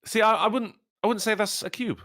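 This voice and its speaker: A man's voice: sits high, fairly even intonation, fairly quick, pushed and bright, no room sound, studio quality. A man co-hosting a podcast, chatting casually and teasing his co-host with plenty of swearing. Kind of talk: casual chat.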